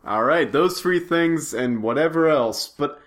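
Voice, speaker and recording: A man's voice: on the high side, animated, a little slow. Man co-hosting a joking podcast chat. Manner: joking, rambling banter. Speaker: podcast co-host. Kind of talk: casual chat.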